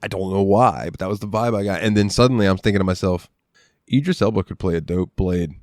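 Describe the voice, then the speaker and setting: A man's voice: deep voice, fast talker, a little mellow, dry recording, clean studio sound. A man co-hosting a podcast, chatting about a movie in a laid-back, enthusiastic way and swearing freely. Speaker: podcast co-host. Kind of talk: casual movie review chat.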